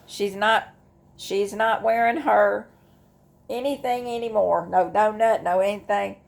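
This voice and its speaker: A middle-aged woman with a drawl talks to the camera in a personal vlog. Her voice has a gravelly fry, and she speaks slowly. She rambles, doubling back and restarting her sentences as she goes. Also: mid-range voice. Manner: rambling, with many restarts and asides. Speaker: vlogger. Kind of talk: casual talk to camera about grief.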